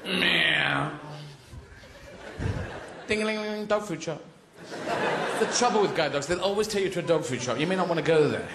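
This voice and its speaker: A man performing a slow, meandering stand-up comedy routine that often trails off. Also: on the high side, expressive. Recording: roomy live venue with loud audience noise.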